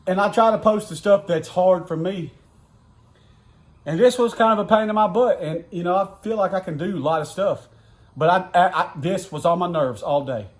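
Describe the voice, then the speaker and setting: A man with a Southern US accent vlogs a truck repair in his home garage, talking casually and profanely as he rambles in exasperation. His voice sits high and he speaks at a moderate pace in this relaxed workshop rant.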